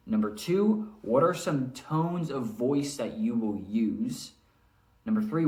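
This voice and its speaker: A male teacher giving a recorded reading lesson, explaining and demonstrating how to read aloud. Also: mid-range voice. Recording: echoey room.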